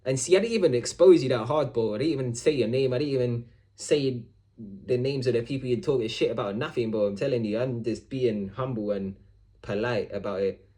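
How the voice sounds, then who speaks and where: A man's voice: medium pitch, fairly quick. A man, ranting casually about a coworker, swearing often and calling the listener "bro". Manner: swearing, animated, repeats "bro" and "I'm like". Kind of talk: casual storytelling rant.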